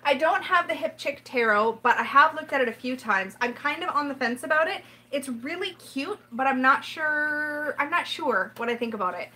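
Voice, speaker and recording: A woman's voice: sits high, expressive, moderate pace, hardly any pauses, bright, forceful tone. A woman hosting a casual tarot livestream, chatting playfully and often interrupting herself. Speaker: tarot channel host.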